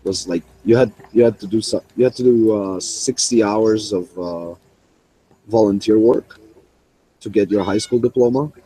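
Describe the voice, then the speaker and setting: A man's voice: lowish voice, moderate pace, mellow, slightly rough, low-quality recording. Swearing young man telling a story. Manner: profane, rambling, laughing. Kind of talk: casual voice chat storytelling.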